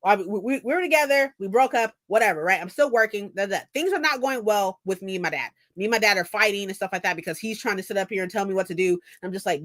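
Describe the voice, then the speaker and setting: A young woman in her twenties telling a story in a casual vlog, animated and profane, laughing often. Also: mid-range voice, fast talker, few pauses. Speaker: vlogger.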